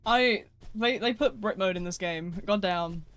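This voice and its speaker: A man's voice: sits high, unhurried, fairly bright tone. A man streaming a video game, chatting casually with viewers in a playful, joking way with mock-dramatic outbursts. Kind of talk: casual live-stream chat while gaming.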